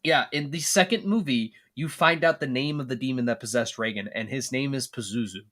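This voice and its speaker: A man's voice: medium pitch, brisk, a bit bright. A man co-hosting a podcast in casual chat, opinionated and swearing freely. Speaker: podcast co-host.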